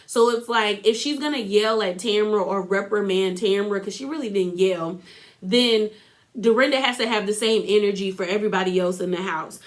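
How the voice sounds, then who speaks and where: A woman's voice: mid-range voice, normal speed. Chatty woman recapping a reality show. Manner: chatty, full of "like" and opinions, acts out quotes. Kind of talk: casual episode recap.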